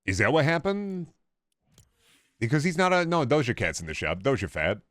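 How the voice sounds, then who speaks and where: A man's voice: medium pitch, very animated, moderate pace, a bit bright, no room sound, studio quality. A young man streaming a video game, rambling and swearing casually as he plays and chats with viewers. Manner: rambling, profane, chatting with viewers while playing. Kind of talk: casual gameplay commentary.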